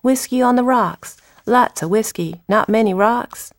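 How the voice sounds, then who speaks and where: A woman poet reading her poems aloud with unhurried, expressive phrasing and short spoken introductions. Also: a little high, a little hiss or hum.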